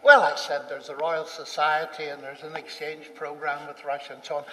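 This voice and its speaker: A man telling a personal story to an audience, animated and acting out the dialogue as he goes. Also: fairly high pitch, moderate pace, few pauses, background noise. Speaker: speaker recounting a personal story. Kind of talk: anecdotal storytelling talk. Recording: distant mic in a reverberant hall.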